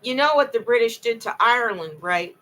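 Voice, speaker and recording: A woman with a fairly high, lively voice speaks a little fast in a fairly bright tone, caught on a rough recording. Alone late at night, she tells her own story to the camera, impassioned and rambling, often repeating herself.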